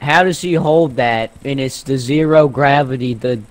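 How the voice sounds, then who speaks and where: A young man hosting a gaming channel, chatting and joking while he plays with a friend, often breaking into panicked shouts. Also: medium pitch, moderate pace. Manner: jokey, bursts into panicked shouting. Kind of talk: casual co-op gameplay chat.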